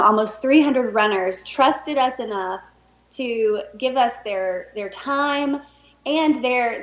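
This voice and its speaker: A woman guest on a podcast, telling a story in a lively, laughing way and acting out the people she quotes. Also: fairly high pitch. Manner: animated, laughs often, puts on voices when quoting. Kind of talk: casual interview storytelling. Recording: roomy and dull, lo-fi.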